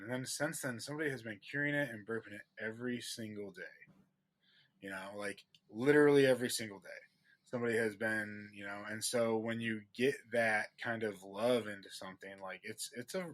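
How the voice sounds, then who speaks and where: A man's voice: mid-range voice, a little fast, fairly bright tone. A man co-hosting a podcast in casual chat, talking earnestly and repeating his points for emphasis. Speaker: podcast co-host.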